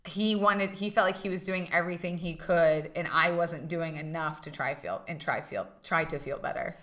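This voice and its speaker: A woman's voice: lowish voice, moderate pace. A young woman co-hosting a candid chat, talking frankly and swearing freely as she tells a personal story. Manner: frank and profane, animated retelling. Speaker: co-host.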